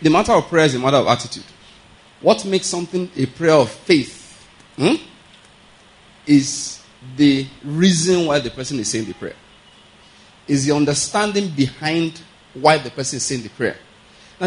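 A man's voice: on the high side, rough recording. A man giving a conversational sermon, laughing often and asking his listeners whether they follow. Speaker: preacher.

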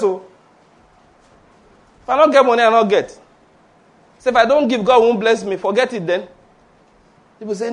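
In a high voice, a pastor preaches fairly quickly but pauses often. He laughs between points, keeps things animated, and calls for the congregation to repeat after him.

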